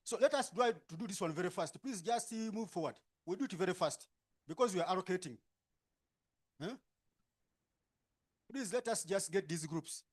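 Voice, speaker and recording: A man with a Ugandan English accent, facilitating a workshop and sorting participants into groups with brisk instructions and frequent tag questions. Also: high voice, animated, slightly rough.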